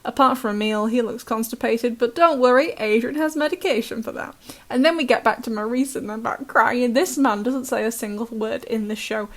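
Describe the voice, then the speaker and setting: A woman's voice: fairly high pitch, brisk. Sarcastic British woman recapping episodes. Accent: British English. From Britain. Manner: chatty, sarcastic, laughs often.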